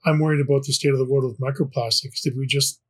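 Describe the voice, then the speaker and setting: A man playing a tabletop game, talking in a quick, wry way. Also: medium pitch, fairly even intonation, breathy edge. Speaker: player. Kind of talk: casual tabletop play.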